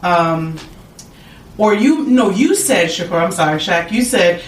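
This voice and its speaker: Candid woman, self-reflective, recorded off-mic in an echoey room with clear noise. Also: lowish voice, lively intonation, a little slow, distant mic. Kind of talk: casual chat.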